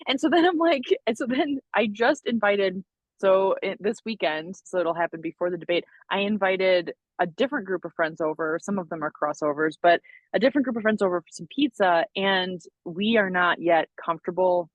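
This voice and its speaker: A woman's voice: medium pitch, fairly quick, no room sound, dull audio. A young adult woman co-hosting a podcast, telling stories animatedly with frequent laughs and self-deprecating asides. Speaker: podcast co-host. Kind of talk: casual chat.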